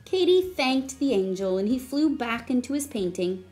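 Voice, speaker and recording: A woman reading a children's story aloud in a slow, expressive way. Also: fairly high pitch, soft background music. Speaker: storybook reader.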